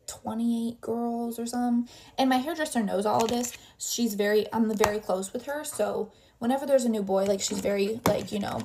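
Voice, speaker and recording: A woman's voice: a little high, mellow, slight background noise. A young adult woman casually telling a story while getting ready, rambling and packing her talk with "like" fillers.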